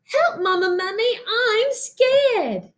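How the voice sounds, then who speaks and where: A woman voicing a small, brave baby mummy boy who calls out in a high, pleading voice. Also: expressive, takes it slowly, heavily acted. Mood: frightened.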